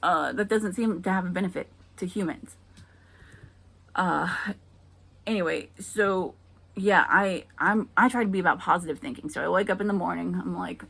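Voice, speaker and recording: A woman's voice: on the low side, normal speed, creaky, fairly bright tone, slightly rough. A woman performing a stand-up comedy set, talking in a hesitant way full of ums before landing dry punchlines. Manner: hesitant, filler-heavy delivery with dry punchlines.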